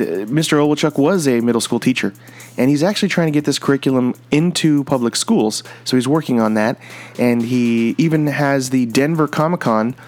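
A middle-aged man, married, hosting a casual solo talk show, chatty and enthusiastic, with many fillers and restarts. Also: mid-range voice. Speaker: podcast host.

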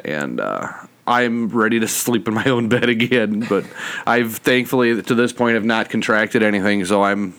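A man's voice: on the low side, animated, moderate pace, a bit bright. A man with a Minnesotan accent co-hosting a podcast in easygoing casual chat. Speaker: podcast co-host.

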